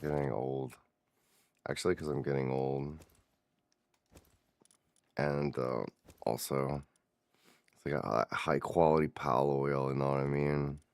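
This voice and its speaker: Dude streaming a game, super deep voice, slow drawl, chats with viewers and cusses a bit. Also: male voice, level tone, smooth, no echo. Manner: chatty, talks to chat, swears casually. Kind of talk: casual gameplay commentary.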